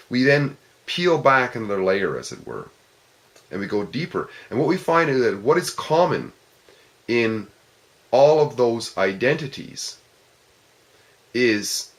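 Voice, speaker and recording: A man with a low voice talks through a philosophical question before a small discussion group. He works through each idea step by step and asks his listeners questions along the way. His pitch rises and falls widely as he explains. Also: a bit bright. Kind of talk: informal philosophical talk.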